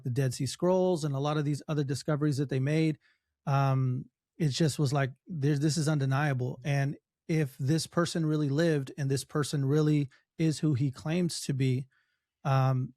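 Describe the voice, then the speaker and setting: Brief: man, podcast guest, earnest and halting, slightly high voice, dry sound. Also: darkish tone, no room sound. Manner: earnest, frequent restarts and fillers. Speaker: podcast guest, documentary filmmaker. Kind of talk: casual interview talk.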